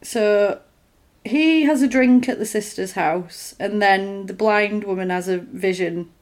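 A woman in casual conversation, retelling a film's plot with animated bits of acted dialogue. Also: mid-range voice. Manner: animated retelling, acts out lines in quick put-on voices; conversational, with fillers and restarts. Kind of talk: casual film recap chat.

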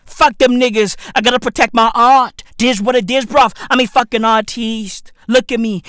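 Boastful high-voiced woman ranting. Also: normal speed, hardly any pauses, no echo, studio quality. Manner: boastful, slangy, shouty and laughing, calls listeners bruv. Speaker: comedic podcaster. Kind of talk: profane comedic rant monologue. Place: at home, neighbor's dog nearby.

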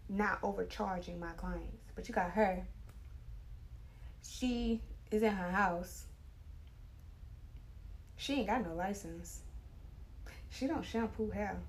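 This woman's voice sits on the low side, with a faint hiss or hum in the recording. She's a hairstylist and salon owner delivering a chatty, animated, emphatic casual monologue, using dialect grammar.

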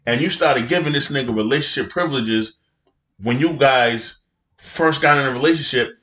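A man's voice: medium pitch, normal speed, sharp tone, roomy sound. A man in his thirties co-hosting a podcast in casual chat, blunt and laid-back, swearing freely. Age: 30s. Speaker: podcast co-host.

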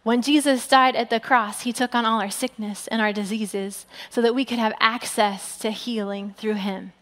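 Lady pastor preaching, real lively, acts out the quotes, big echoey church sound. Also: normal speed. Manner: animated, voices quoted people with big pitch jumps. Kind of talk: sermon. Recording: long hall reverb.

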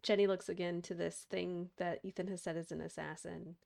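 A woman's voice: fairly low pitch, flat delivery, fairly quick, vocal fry, darkish tone. A woman playing a tabletop role-playing game, narrating her character and often laughing. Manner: laughs often, acts out lines. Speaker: player.

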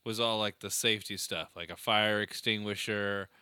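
A man tells funny stories in a loose, animated chat, laughing as he goes. His voice is very bright and crisp. The sound is dry and close, with no room around it. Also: fairly low pitch, moderate pace, no echo. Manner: animated storyteller, laughs often. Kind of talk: casual chat.

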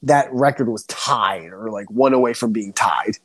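A young man co-hosting a podcast, ranting excitedly and swearing a lot in casual chat. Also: moderate pace. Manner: excitable ranting, heavy swearing, swings up high when worked up. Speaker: podcast co-host.

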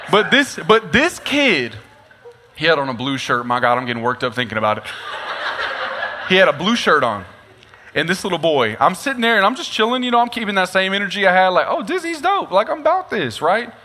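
Animated young pastor telling a funny story. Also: male voice, sits high, brisk, slight background noise. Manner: animated storytelling with comic asides. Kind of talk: sermon. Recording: long reverb of a large hall.

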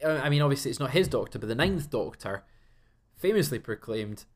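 A young podcast co-host chats casually, acting out quoted exchanges as he tells his stories. His mid-range voice is expressive and brisk.

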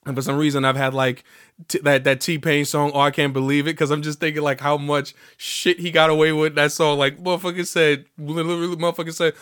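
A man's voice: on the high side, fast, clear, resonant tone. A young man hosting his own podcast, chatting profanely and animatedly, with a voice still slightly off after being sick. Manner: profane, animated, breaks into sung bits. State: recovering from illness, voice slightly off. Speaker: podcast host. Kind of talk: casual solo podcast monologue.

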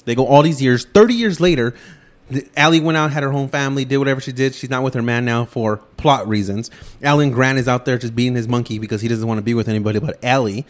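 A man hosting a podcast, ranting loudly and swearing nonstop as he reviews a movie. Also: mid-range voice. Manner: loud, swearing, rapid ranting. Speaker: podcast host. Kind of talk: profane movie-review rant.

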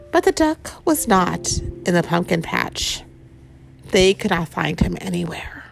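A woman's voice: lowish voice, big pitch swings, measured pace, vocal fry, soft background music. A woman reading a picture book aloud to a child, with chatty asides about the pictures.

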